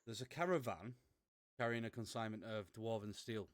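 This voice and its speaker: A man's voice: fairly low pitch, normal speed, no echo, clean studio sound. A man narrating as game master, rambling and correcting himself as he goes.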